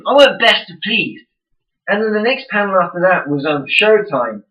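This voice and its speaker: Sweary ranting man, bright voice. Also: sits high, lively intonation, normal speed, distant mic, poor audio. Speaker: vlogger. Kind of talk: casual ranting vlog.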